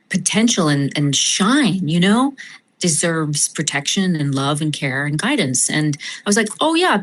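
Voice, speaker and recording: A woman guest in a casual interview, animated and self-mocking, often laughing as she talks. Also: low-pitched. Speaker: guest actress.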